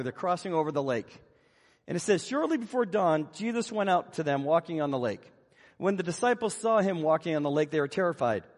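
A man preaching a sermon who tells Bible stories in a lively way and acts out the scenes. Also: high-pitched. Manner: animated storytelling, acting out Bible scenes. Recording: long reverb of a hall.

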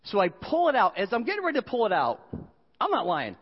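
Animated pastor guy joking his way through a sermon, dull sound, big echoey hall. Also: high voice, fast, slightly rough.

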